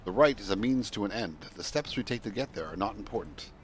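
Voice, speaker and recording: A man's voice: fairly low pitch, expressive, fast, a little hiss or hum, natural voice. A man voicing a small, formal male announcer while reading game dialogue aloud, in clipped, proclaiming phrasing.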